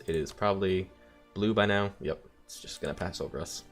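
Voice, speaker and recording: A man's voice: low-pitched, fairly quick, faint music behind. A man casually commenting while playing a strategy game, thinking aloud with wry asides. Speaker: let's play host.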